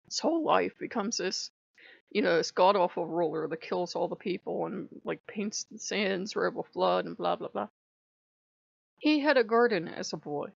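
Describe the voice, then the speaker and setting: A woman vlogger chatting casually and laughing as she retells stories in an animated way. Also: fairly low pitch, normal speed, vocal fry, no room sound, lo-fi sound. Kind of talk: casual chat.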